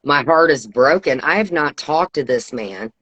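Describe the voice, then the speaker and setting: A woman chatting casually as host, rambling through an animated, gossipy story. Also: rumbling low, normal speed.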